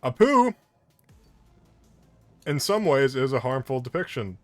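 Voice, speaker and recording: Guy voice actor rambling on a stream, kinda low voice, lively and quick to laugh. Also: no echo, soft background music. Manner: animated and talkative, with frequent restarts and laughs. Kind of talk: casual chat on a livestream.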